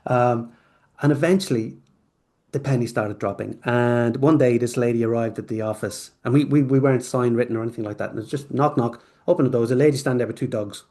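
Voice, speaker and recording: A man's voice: medium pitch, fast talker. A man, a company founder, telling a long rambling story as a podcast guest, acting out snippets of dialogue along the way. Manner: rambling, animated, acts out quoted dialogue. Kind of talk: storytelling interview answer.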